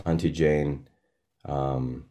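A man with a very low, dark, mellow voice leads a sermon. He talks slowly and meditatively, pausing over each line. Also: fairly even intonation. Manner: slow and meditative. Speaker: pastor.

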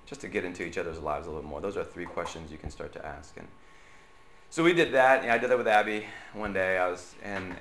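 A man's voice: deep voice, fairly bright tone, reverberant, slight background noise. A man, a pastor, giving a chatty sermon full of stories, often checking in with the congregation by asking "right?". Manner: chatty, checks in with the crowd with tag questions. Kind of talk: conversational sermon storytelling. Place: church.

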